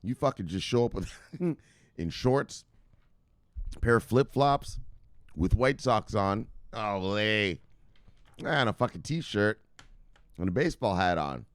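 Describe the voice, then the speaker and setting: A man's voice: lowish voice, lively intonation, takes it slowly, long pauses, no echo, clean studio sound. A man hosting a crypto news show who rants casually and profanely, laughing and acting out scenes. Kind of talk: casual rant.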